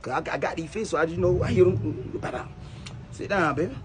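A man in his thirties playing a boastful young boyfriend in a comedy sketch, loud and rambling, stammering as he talks. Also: high voice, lively intonation, fairly quick, a loud crowd. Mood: sheepish. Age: 30s. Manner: loud, rambling, stammers, Southern-flavored slang.

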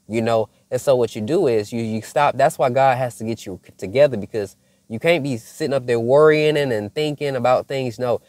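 A man's voice: on the low side, a little mellow, no room sound. A man sharing a spiritual testimony in a casual, earnest way, talking straight to his viewers. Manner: conversational and earnest, addresses viewers as y'all. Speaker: faith content creator.

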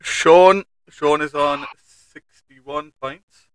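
A man's voice: on the high side, fairly even intonation, very slow, fairly bright tone, clean tone, no room sound, rough recording. A man with a Northern English accent keeping score aloud in a casual chat among gamers, often trailing off. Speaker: stream host and scorekeeper.

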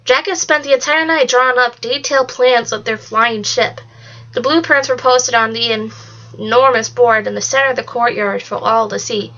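A woman's voice: a little high, steady tone, normal speed, pushed and bright. A woman reading a novel aloud in a plain way, with some stumbles. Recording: dull lo-fi recording.

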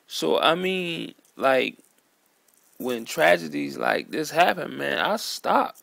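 A man in an earnest, halting vlog monologue, sitting at home at his computer. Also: a little high, animated, creaky, fairly bright tone, no room sound. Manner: earnest, halting, repeats words and calls listener "man". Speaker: vlogger. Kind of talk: emotional monologue to camera.

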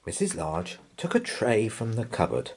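A man reading a children's picture book aloud as a bedtime story, in an expressive, soothing manner. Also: medium pitch, moderate pace, vocal fry, slight background noise.

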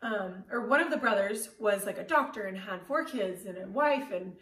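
A woman in her thirties giving a personal storytelling talk, candid and animated, with self-deprecating humor and casual fillers. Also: mid-range voice, moderate pace. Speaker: motivational speaker. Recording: roomy echo, voice from far off the mic.

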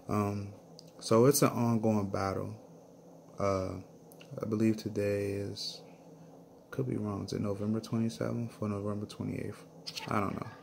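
A man's voice: lowish voice, gravelly, slight background noise. A man vlogger telling a personal story in an earnest, emotional way. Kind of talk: personal video diary.

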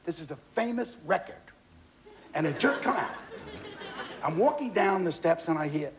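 A man in his sixties, a guest comedian on a TV talk show, telling stories with animated delivery and put-on voices. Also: high-pitched, normal speed, a loud crowd, heavy background noise. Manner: animated, shouting punchlines, mimicking voices. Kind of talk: comic storytelling on a talk show. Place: TV studio with audience.

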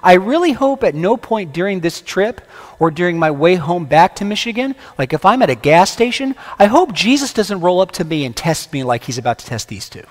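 A man's voice: high-pitched, sing-song, brisk. A man preaching as a guest preacher, conversational and playful, quizzing the congregation with questions. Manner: playful humorous asides. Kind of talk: sermon. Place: church sanctuary. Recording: long church hall reverb.

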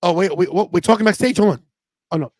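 A man hosting a wrestling watch-party podcast, telling stories in a loose, slangy, animated way. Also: sits high, quick pace, no echo. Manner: animated storyteller, quotes friends in a loose slangy way. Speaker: podcast host. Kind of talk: casual watch-party chat.

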